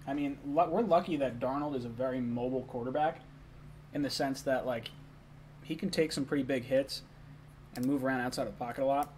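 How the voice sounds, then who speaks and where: A man's voice: medium pitch, brisk, a little mellow, a little hiss or hum. A young man hosting a casual live stream, chatting loosely, reading chat messages and talking while eating.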